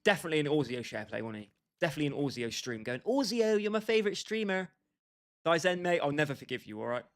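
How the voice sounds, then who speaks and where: A young man livestreams a football game in a medium-pitched, rapid-fire voice. As a gaming livestreamer, he trades jokes and banter with his chat and addresses viewers directly by name.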